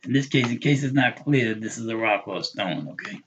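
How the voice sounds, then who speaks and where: A man teaching an introductory Arabic class, patiently repeating words slowly for his learners. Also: medium pitch, expressive, a bit bright, slight background noise. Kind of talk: online class lesson. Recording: dull lo-fi recording.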